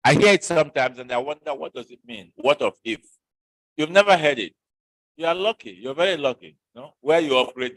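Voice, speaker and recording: A man's voice: medium pitch, a bit bright, dry recording, low-quality recording. A man teaching an usage lesson in a classroom, questioning and coaxing his students to answer.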